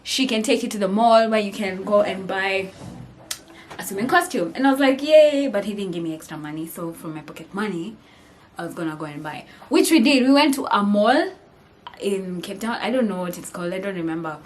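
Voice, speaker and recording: A young woman with a Kenyan accent telling a storytime vlog, animated and laughing as she mixes English with Swahili slang. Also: mid-range voice, brisk, a little hiss or hum. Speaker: vlogger.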